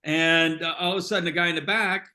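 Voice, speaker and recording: A man's voice: on the high side, steady tone, quick pace, pushed and bright. A man hosting a casual chat who rambles, with many fillers and restarts. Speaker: host.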